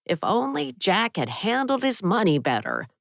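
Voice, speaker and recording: A woman reading the part of a cautious male violin teacher in an audiobook, speaking softly and soothingly. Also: mid-range voice, sing-song, moderate pace, vocal fry, no echo, studio quality, pitched above the performer's own voice. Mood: measured. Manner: soft, soothing delivery. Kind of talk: audiobook character voice.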